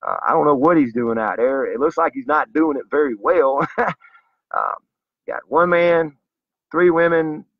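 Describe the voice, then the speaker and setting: A man's voice: fairly high pitch, a little slow, dry recording. A man delivering a zealous, preachy monologue straight to his viewers in a slightly dull lo-fi recording. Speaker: vlogger. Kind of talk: earnest direct-to-camera monologue.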